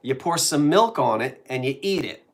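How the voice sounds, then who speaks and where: An older man hosts a live stream in a relaxed, chatty way. His voice rises and falls a lot as he tells a story. He sits in the middle of the pitch range. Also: normal speed. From South Jersey. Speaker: host. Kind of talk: casual live-stream chat.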